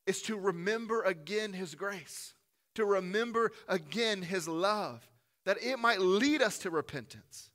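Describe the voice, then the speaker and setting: A male pastor delivers an earnest sermon in a church room, his voice bright and forceful. He sits a little higher than most men and swings from loud emphatic peaks to hushed, low asides. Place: church room with a gathered congregation.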